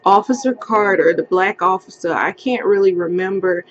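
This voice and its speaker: A young woman telling a vlog storytime with emotion, breaking into high, tearful voices when she quotes herself. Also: normal speed, dull audio, slight background noise. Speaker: vlogger.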